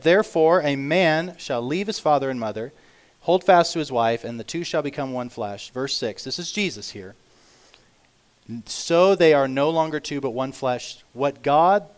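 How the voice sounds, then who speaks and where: A man preaching a sermon as pastor, earnest and emphatic, swinging between loud declarations and quiet asides, slowing down to read scripture aloud. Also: a little high. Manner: reads scripture aloud slowly.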